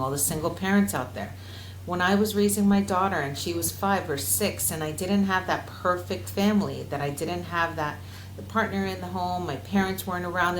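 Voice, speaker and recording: A woman in her forties speaks as an interview guest, earnest and heartfelt, her voice sitting a little low. Her talk is loose, full of fillers and restarts. The room rings with echo, and a faint hiss sits under her. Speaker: guest clinical social worker. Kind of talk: conversational interview. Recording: roomy echo.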